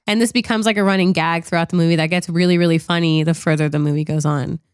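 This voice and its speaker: A woman's voice: lowish voice, quick pace, smooth, no room sound, clean studio sound. A woman co-hosting a podcast, chatting casually about a movie, talking loosely with lots of "like" and the odd swear. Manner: chatty, animated, peppered with "like" and swearing. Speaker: podcast co-host. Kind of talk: casual movie review chat.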